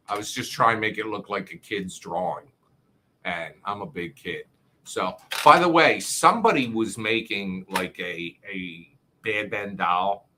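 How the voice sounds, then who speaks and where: A man's voice: on the low side, pushed and bright, a little hiss or hum. A man with a South Jersey accent hosting a casual livestream, rambling, swearing and reading viewer comments aloud. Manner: rambling, profane, reads chat comments aloud.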